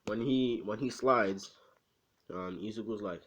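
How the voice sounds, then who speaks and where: A man's voice: on the low side, measured pace, a bit bright. A man casually telling a fan story, rambling and swearing with lots of filler. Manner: rambling, profane, lots of "you know".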